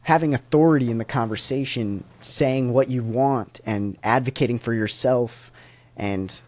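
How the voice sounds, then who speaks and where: A man's voice: mid-range voice, moderate pace, a little mellow. A man hosting a podcast, asking questions and searching for words as he talks. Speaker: podcast host. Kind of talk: podcast interview.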